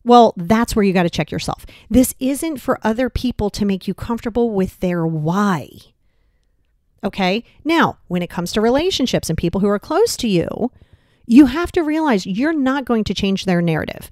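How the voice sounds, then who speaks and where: A woman with a mid-range, darkish voice and lively intonation hosts a solo motivational podcast at a moderate pace. She talks bluntly and casually, curses a little, and keeps firing rhetorical questions. The recording is dry and of studio quality.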